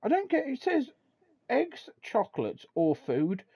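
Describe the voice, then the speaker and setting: A man's voice: very high-pitched, wildly swooping pitch, unhurried, husky, no room sound. Casual male podcast host, laughs easily, swears now and then, lo-fi home recording. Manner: laughs often, swears casually, reads aloud from a web page. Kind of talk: casual chat.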